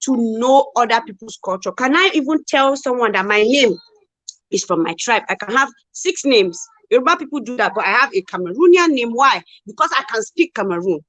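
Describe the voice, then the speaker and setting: Woman, co-host, emphatic and argumentative, higher voice, dry close mic. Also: fairly quick, dry recording. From Nigeria. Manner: emphatic, animated, rhetorical questions. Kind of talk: casual live chat.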